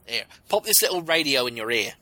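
A man putting on the voice of a haughty, condescending gentleman in a comedy radio sketch. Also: mid-range voice, sing-song, fairly quick, background noise, lightly acted. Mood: bossy. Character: pompous, bossy upper-class British gentleman.

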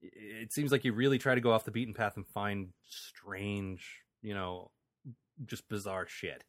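A man's voice: on the low side, steady tone, normal speed, dry recording. A man hosting a casual podcast chat, rambling with frequent restarts and laughing often. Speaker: podcast host.

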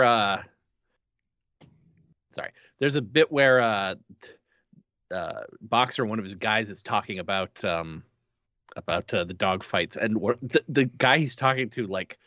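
A man's voice: fairly low pitch, slow, pauses often, sharp tone, dry recording, dull audio. A man co-hosting a podcast, casual and swearing, with many fillers. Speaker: podcast co-host. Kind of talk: casual chat.

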